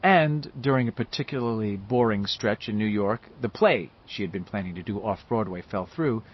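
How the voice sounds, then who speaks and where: A man reading a novel aloud with expressive, varied delivery, in a dull lo-fi audiobook recording. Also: medium pitch, breathy edge. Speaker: audiobook narrator. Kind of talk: scripted novel narration.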